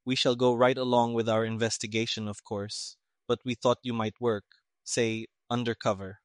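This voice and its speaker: A man reads a crime story aloud at a measured, even pace. His voice sits at an ordinary middle pitch, and the recording is close and dry with no room sound. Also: no echo. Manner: even, measured reading with quoted dialogue voiced lightly. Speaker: audiobook narrator. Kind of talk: scripted narration.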